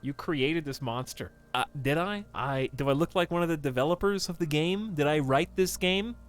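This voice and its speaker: A man's voice: on the high side, moderate pace. A man streaming a game, rambling casually and talking straight to his chat. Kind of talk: casual livestream chat while playing a game.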